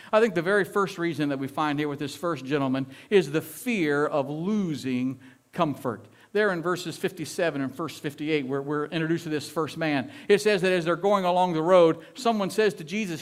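A man from the United States preaching a sermon as pastor, in an animated, chatty way that often repeats words. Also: fairly high pitch.

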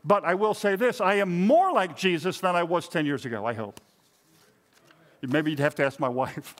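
Man, pastor, high voice, chatty joking sermon, middle-aged. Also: animated, normal speed. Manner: conversational, self-deprecating preaching with humor.

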